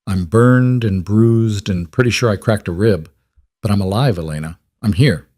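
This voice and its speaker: A man voicing an injured, stubborn and devoted young husband, speaking low, steady and firm. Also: normal speed, no room sound, studio quality, lightly acted.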